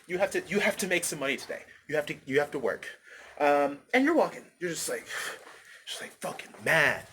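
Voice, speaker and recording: Male vlogger, slightly high voice, rambling and profane, on a phone outdoors with faint noise behind. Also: fairly quick. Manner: rambling, animated, profane, repeats himself. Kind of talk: casual ranting monologue. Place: outdoors, windy.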